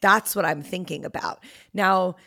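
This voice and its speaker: A woman's voice: on the low side, unhurried, creaky, sharp tone. A woman therapist as a podcast guest, explaining reassuringly with frequent "like" fillers. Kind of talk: casual podcast conversation.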